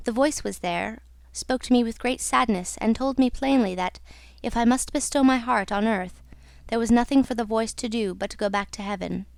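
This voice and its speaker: Woman voicing a young female opera singer, earnest, wistful, fairly high voice, dry close sound, storybook. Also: moderate pace, vocal fry, no room sound.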